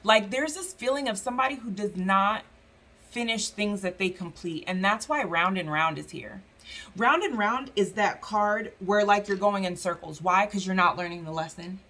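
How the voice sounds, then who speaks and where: Woman, tarot reader, casual spoken reading, mid pitch, conversational and rambling. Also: moderate pace, sharp tone. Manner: chatty, filler-heavy, acts out voices of spirit and clients.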